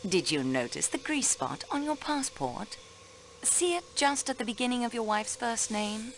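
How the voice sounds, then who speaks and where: An actress playing a sharp young female railway clerk questioning suspects in a video game, precise and polite. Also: a little high, lively intonation, normal speed, slight background noise. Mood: probing.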